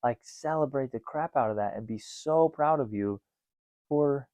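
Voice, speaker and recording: Animated man with a dark voice. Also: medium pitch, moderate pace, no room sound. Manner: animated, acts out his own self-talk in quoted voices. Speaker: podcast host. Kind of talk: casual podcast talk.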